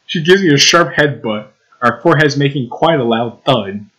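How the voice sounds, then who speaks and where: Young guy reading a visual novel out loud, chatty and giggly, medium voice. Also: mid-range voice, lively intonation, normal speed, poor audio. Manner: casual, giggly, with restarts and asides. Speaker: let's play host reading a visual novel. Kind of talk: reading game text aloud with commentary.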